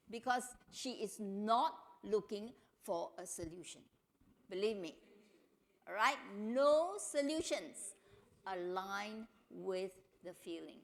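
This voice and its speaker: A middle-aged woman giving a family seminar talk, telling stories and acting out quotes in a higher voice. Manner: animated storytelling, acts out quotes in a higher voice. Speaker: seminar speaker.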